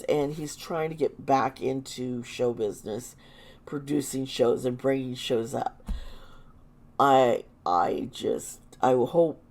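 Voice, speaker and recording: A woman with a sore throat doing a casual tarot reading, halting and exclaiming as she turns the cards. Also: a bass voice, darkish tone. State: sore throat, lozenge in mouth. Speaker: tarot reader and channel host.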